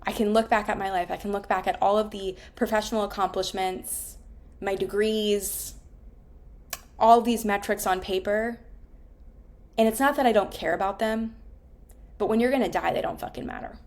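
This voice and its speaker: A woman's voice: medium pitch, steady tone, moderate pace, long pauses. A woman in her thirties, a therapist, talking candidly and emotionally about her own life, swearing often. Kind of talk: reflective personal monologue.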